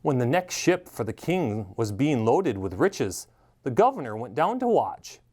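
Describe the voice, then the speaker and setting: A man reading a children's story aloud, animated and expressive. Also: mid-range voice, a little slow, slightly rough.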